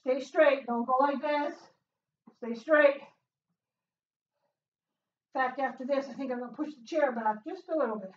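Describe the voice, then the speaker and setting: Breathless high-voiced woman coaching a workout. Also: normal speed, long pauses. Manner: upbeat, cheering with loud whoops, breathless between exercises. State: out of breath from exercising. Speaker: fitness instructor. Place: small closed room at home. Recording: roomy, distant, dull sound.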